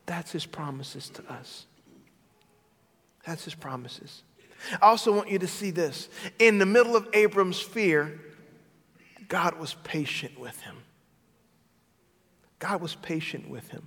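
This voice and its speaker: A man preaching a sermon as a pastor, swinging between loud declarations and hushed, intimate moments. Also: sits high, animated, measured pace, long pauses, big-room sound.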